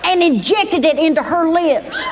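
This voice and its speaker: A high-voiced woman with a Southern accent works a live club crowd with a sassy, folksy stand-up drawl. Clear crowd laughter and room noise sit behind her handheld mic. She grew up in Kentucky. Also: expressive, a little slow, in a large hall. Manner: folksy, sassy drawl with big shifts into mock quotes. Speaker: stand-up comedian. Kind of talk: stand-up comedy set. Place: comedy club stage with live audience.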